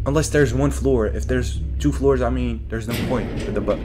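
A man's voice: mid-range voice, moderate pace, heavy background noise. A man giving casual gameplay commentary as a streamer, joking to himself and his chat and yelping at scares. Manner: jokey, talks to himself and chat, yelps at scares. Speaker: let's play streamer.

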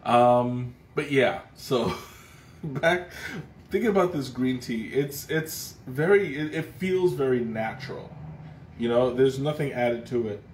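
A man's voice: medium pitch, slow. A man hosting a casual live tea tasting, thinking aloud with frequent restarts and fillers. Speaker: livestream tea taster. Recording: roomy echo, faint background noise.

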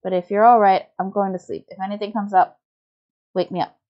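Woman voicing a stern curt soldier-type guy in a fan game dub, low-key and quiet, muffled lo-fi audio. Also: fairly even intonation, brisk, close to an everyday voice. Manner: curt and commanding. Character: stern, serious young man personifying Germany.

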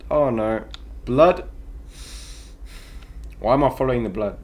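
A gaming YouTuber, a young man with a mid-range voice, commentates on a horror game at a measured pace with long pauses. He's chatty but jumpy, yelping and shouting at scares and saying "yo" a lot.

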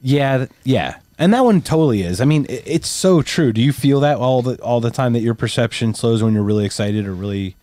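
A middle-pitched man in his forties tells a story on a podcast with a lively, swooping voice. He laughs a lot and swears casually. The sound is dry and close to the mic. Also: brisk, few pauses, no echo. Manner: animated storyteller, laughs often, swears freely. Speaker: podcast co-host. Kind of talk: casual chat.

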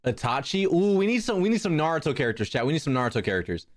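Rapid-fire with big pitch swings, a young man's high-leaning voice fills a clean studio recording with no room sound. He's drawing on a casual livestream, laughing, swearing and chatting with his chat.

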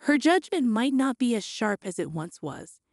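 A woman giving expressive first-person scripted story narration, her pitch jumping up on questions. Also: moderate pace, no echo, studio quality.

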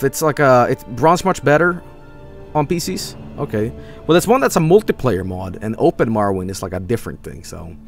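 A man's voice: lowish voice, vocal fry. A tired man streaming a game, rambling casually and reading game text aloud. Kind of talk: casual gameplay commentary. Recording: game music underneath.

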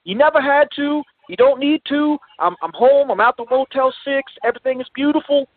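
A man's voice: very high voice, a little fast. A man calling in to a comedy show, rambling and calling everyone brother. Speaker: caller. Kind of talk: phone-in comedy chat. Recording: dry tinny phone line.

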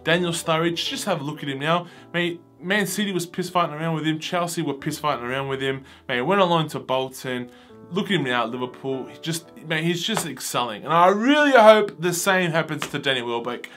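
Young male vlogger, emotional casual rant, mid-high voice, light background music. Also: lively intonation, fairly quick, a bit bright. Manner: says "mate" constantly, emotional and wistful. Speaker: football vlogger. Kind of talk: casual fan rant to camera.

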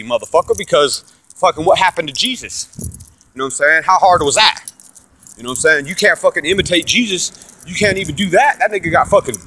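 Brash profane man ranting, bright voice. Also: a little hiss or hum. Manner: aggressive, profane, repetitive ranting; swings between loud shouting and low muttering. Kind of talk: profane religious rant to camera.

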